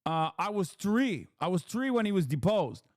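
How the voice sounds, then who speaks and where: A man's voice: high-pitched, very animated, normal speed, dry recording, studio quality. A man streaming live, reacting to clips with profane, laughing asides. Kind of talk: live commentary.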